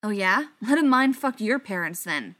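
An upset teenage boy, held captive and desperate to go home, as a woman reading the story gives him voice. He pleads and snaps in a plain, mid-pitched voice with little put-on change. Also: animated, brisk, fairly bright tone. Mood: snapping. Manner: pleading, then snapping.

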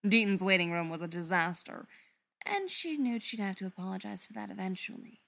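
A woman narrating a story aloud in an expressive storytelling manner. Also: mid-range voice, brisk, creaky. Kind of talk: reading fan fiction aloud.

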